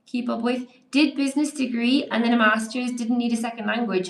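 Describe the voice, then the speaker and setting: A woman's voice: fairly high pitch, fairly even intonation, fairly quick, vocal fry, few pauses, roomy sound. An Irish woman teaching English on a live stream, chatting through viewer comments aloud and answering them. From Ireland.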